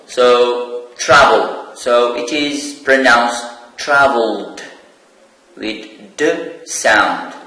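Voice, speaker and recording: A man teaching an English lesson, speaking slowly and repeating key words for his students. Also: mid-range voice, a bit bright. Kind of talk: televised classroom lesson. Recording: echoey room, voice from far off.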